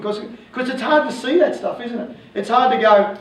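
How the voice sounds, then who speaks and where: An Australian man in his forties, a coach giving a joking, animated public talk to parents. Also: sits high, moderate pace, a little hiss or hum. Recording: echoey hall from far off, faint ambience.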